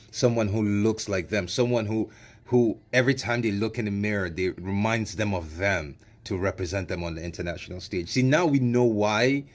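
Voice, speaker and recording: A man ranting in an angry reaction video, heated, profane and repetitive. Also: fairly low pitch. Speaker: commentary vlogger.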